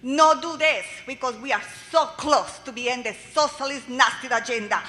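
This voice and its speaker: A woman's voice: sits high, normal speed, hardly any pauses, bright, forceful tone. A woman from Colombia with a Colombian Spanish accent, giving impassioned public testimony in broken English. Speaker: public commenter. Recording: reverberant hearing room.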